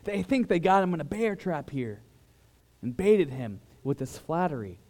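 A preacher man with a slightly high voice. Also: normal speed. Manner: dramatic shifts in loudness, mimics flatterers in higher voice. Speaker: pastor. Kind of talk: sermon.

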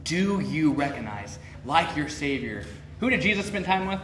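A man's voice: fairly high pitch, big pitch swings, moderate pace, fairly bright tone, recorded from a distance, slight background noise. A man preaching a sermon in a conversational way, pressing his points with rising, emphatic questions and acting out the people he quotes. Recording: roomy echo, voice from off-mic.

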